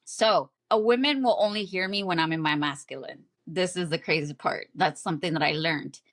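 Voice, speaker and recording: A woman hosting a podcast, telling stories and giving blunt advice in a casual, animated and profane way, speaking straight to her listeners. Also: on the low side, normal speed, no echo, clean studio sound. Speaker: podcast host. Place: at home, wrapped in a blanket.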